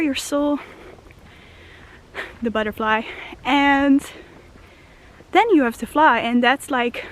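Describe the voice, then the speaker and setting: A young woman talking casually while walking outdoors, a bit out of breath, rambling and dreamy, often laughing and stopping to marvel at what she sees. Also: high-pitched. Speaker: spiritual vlogger. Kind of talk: casual walking vlog monologue. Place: outdoors in a forest.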